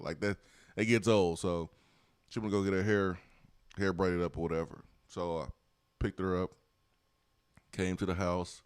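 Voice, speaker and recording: A playful man co-hosting sports talk radio, voice sitting fairly low. He loops catchphrases and laughs easily, and the studio sound is dry and close. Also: steady tone, moderate pace, pauses often, clean tone, no echo. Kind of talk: casual sports talk chat.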